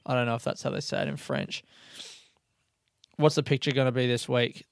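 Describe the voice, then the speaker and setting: Profane, excitable man hosting a podcast. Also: mid-range voice, fairly quick, creaky, long pauses, no echo, clean studio sound. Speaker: podcast host. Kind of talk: casual chat.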